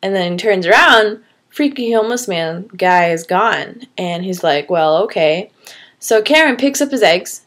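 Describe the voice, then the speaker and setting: A woman casually telling a made-up story, rambling with fillers and swearing. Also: medium pitch.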